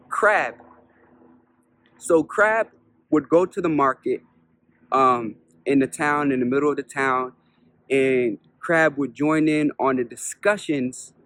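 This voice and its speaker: A male spiritual teacher telling a parable as a lesson at a slow, deliberate pace. His voice sits slightly high, and he repeats his points and asks rhetorical questions. The recording is dry and close. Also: fairly bright tone, no room sound. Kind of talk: storytelling lesson.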